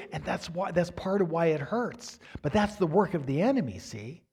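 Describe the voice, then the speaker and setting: A man's voice: a little high, animated, normal speed, hardly any pauses, a little mellow, husky. Man preaching a personal story. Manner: personal storytelling, conversational with many restarts and asides to the congregation. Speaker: pastor. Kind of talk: sermon.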